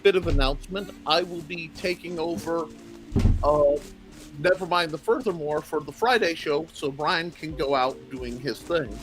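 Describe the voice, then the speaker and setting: A man's voice: fairly high pitch, normal speed, faint music behind. A man co-hosting a casual livestream podcast, upbeat and greeting the viewers in the chat. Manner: upbeat, lively, addresses the chat. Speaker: podcast co-host.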